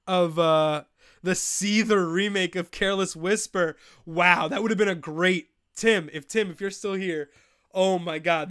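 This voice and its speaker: High-voiced and clean in tone, this young man hosts a live fantasy football show in clean studio sound with no room sound. His casual live-streamed commentary is excitable and laced with swearing and frustrated ranting.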